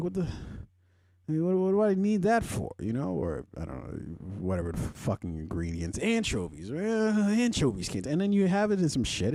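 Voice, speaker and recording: A young man hosting a podcast, chatting casually and rambling, swearing often and swinging into loud, animated rants. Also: medium pitch, dry recording, clean studio sound. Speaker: podcast host. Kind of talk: casual pop-culture chat.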